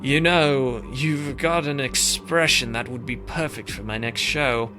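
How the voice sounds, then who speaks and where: A man voicing a scheming older male villain in a visual novel game, with a put-on British accent and a smug, menacing, deliberate delivery. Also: medium pitch, music in the background, close to an everyday voice. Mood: smug menace.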